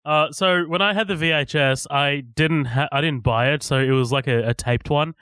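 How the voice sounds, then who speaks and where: A man's voice: fairly high pitch, fairly even intonation, moderate pace, fairly bright tone, smooth, no room sound. A man co-hosting a podcast, chatting casually about a movie he loved as a kid, swearing often and laughing a lot. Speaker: podcast co-host. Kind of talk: casual movie commentary chat.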